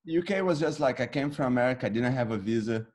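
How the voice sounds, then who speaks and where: A man in his thirties, a guest on an interview, telling his story casually and acting out past conversations with lively energy. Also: mid-range voice, fast talker. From Brazil. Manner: animated, acts out his own past dialogue. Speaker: interview guest, jiu-jitsu black belt.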